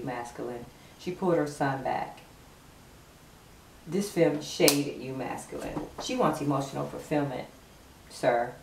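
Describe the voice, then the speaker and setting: A woman gives a casual tarot reading with emphatic, sassy flair, repeating her points for effect. Her voice sits a little low and sounds set back from the mic. The room around her echoes noticeably. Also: vocal fry, darkish tone, recorded from a distance. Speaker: tarot card reader. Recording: roomy, from afar, faint hiss.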